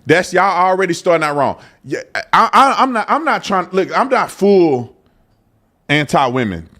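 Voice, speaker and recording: A man hosting a live news commentary show, animated and joking, talking straight to his viewers. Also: high-pitched, moderate pace.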